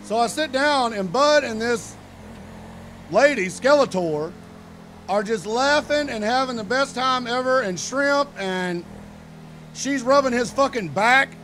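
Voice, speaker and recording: High-voiced man ranting through a story. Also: lively intonation, unhurried, a little hiss or hum. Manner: profane, exasperated, swings into loud outbursts. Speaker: streamer telling a story. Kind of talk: casual storytelling to chat.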